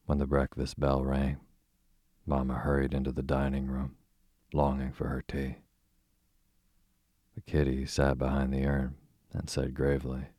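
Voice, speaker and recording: A man narrating a classic storybook in a steady, measured reading voice with a husky tone. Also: very deep voice, no echo, studio quality. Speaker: audiobook narrator.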